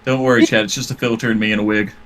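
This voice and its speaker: A man's voice: lowish voice, little pitch movement, rapid-fire, a loud crowd. A man who guests every week on a podcast, joking, teasing the host and laughing a lot. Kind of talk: casual livestream podcast chat.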